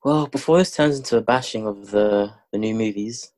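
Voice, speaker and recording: A man's voice: fairly low pitch, normal speed, darkish tone, dry recording. A man chatting casually, laid-back and teasing, steering the conversation. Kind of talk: casual chat.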